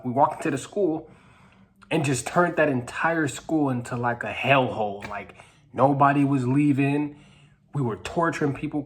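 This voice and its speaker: A nineteen-year-old man earnestly telling a personal story to camera, halting, with many restarts and repeated phrases, sometimes dropping to a hush. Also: medium pitch. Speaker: vlogger. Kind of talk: personal testimony told to camera.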